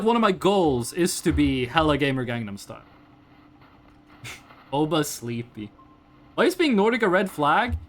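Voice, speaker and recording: Woman VTuber, casual stream chatter, blunt and sweary, swings her pitch all over. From Norway. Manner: animated, blunt, swears freely, laughs often. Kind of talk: casual live-stream chat, reading chat.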